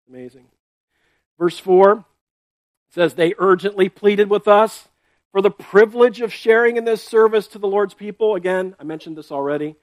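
A man's voice: a little high, dry recording. A man pastor giving a sermon in a conversational way, often checking in with "right?" and "okay?" and repeating words as he explains.

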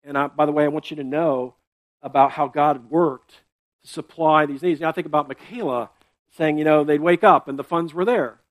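A man's voice: fairly high pitch, moderate pace, no echo. A man pastor giving a sermon in a conversational way, often checking in with "right?" and "okay?" and repeating words as he explains.

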